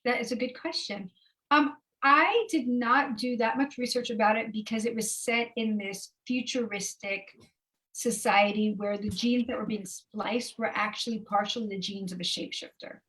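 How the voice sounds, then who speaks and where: A woman's voice: fairly high pitch, steady tone, normal speed, a bit bright, low-quality recording. A woman author answering interview questions over a video call, chatty, with frequent fillers and asides. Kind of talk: casual interview talk. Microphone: remote video call.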